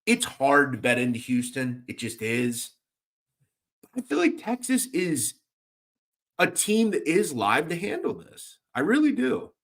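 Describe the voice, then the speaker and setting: A young man talks through basketball betting picks in a loose, animated way, riffing between games and calling out to listeners in the chat. His voice sits at an ordinary middle pitch, and his talk is casual and full of fillers. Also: unhurried. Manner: animated, chatty, shouts out chat viewers. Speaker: sports betting radio host.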